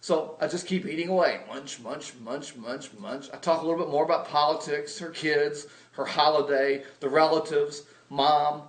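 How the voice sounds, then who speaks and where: A man's voice: a little high, level tone, moderate pace, few pauses, reverberant. A man giving a humorous, self-deprecating sales lesson, telling stories with comic exaggeration. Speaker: video blogger teaching sales.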